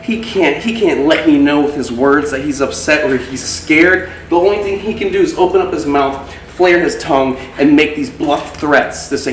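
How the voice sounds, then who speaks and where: A man hosting a casual vlog as a reptile keeper, often cooing at his snakes in a high, excited voice. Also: moderate pace, few pauses, slight background noise. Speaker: reptile keeper and channel host. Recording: roomy, distant, music behind.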